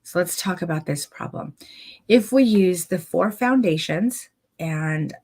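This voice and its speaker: A woman runs an online photography masterclass, talking right to her viewers in a low-ish, encouraging voice. She coaches and demonstrates as she goes, friendly and hands-on. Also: animated, a little slow, darkish tone, husky. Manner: encouraging, addresses viewers directly. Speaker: photography posing instructor.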